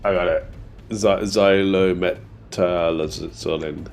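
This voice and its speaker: A very low, gravelly male voice, thick and congested from a cold. He chats loosely with his stream, cracks jokes, swears, and flares up into excited shouting. Music plays loudly under him. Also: slow. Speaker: livestreaming gamer. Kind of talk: casual live gameplay chat.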